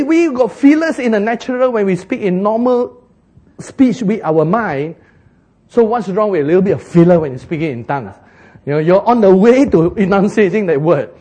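A man preaching a sermon, joking and laughing often and breaking into loud bursts. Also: high voice.

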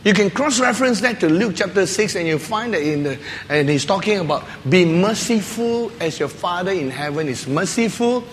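A man preaching a sermon, telling a lively story with laughs and playful barking sounds. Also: high voice, moderate pace, hardly any pauses, slight background noise. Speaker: pastor. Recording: long hall reverb with faint ambience.

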